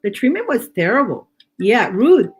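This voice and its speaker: A woman's voice: a little high, very animated, normal speed. A woman from Canada, a tarot reader, in rambling casual chat full of restarts. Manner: chatty, rambling, with many restarts.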